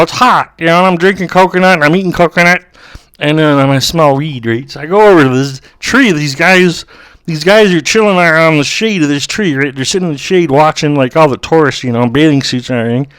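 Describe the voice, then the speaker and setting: A man's voice: on the high side, fast talker, a bit bright, clear, resonant tone, no room sound. A young man rambling through a comic story and calling everyone dude. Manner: rambling, says "dude" a lot. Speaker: co-host. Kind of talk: comedic storytelling.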